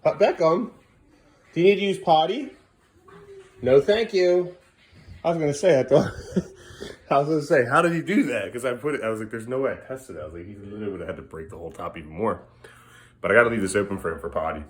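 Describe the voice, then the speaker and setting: Lively-voiced parent at home with kids. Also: mid-range voice, quick pace, long pauses, breathy edge. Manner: firm but patient, drifting between coaxing the kids and venting to camera. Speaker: parent caring for two young children. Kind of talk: casual home vlog, talking to kids and camera. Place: indoors at home, bathroom area.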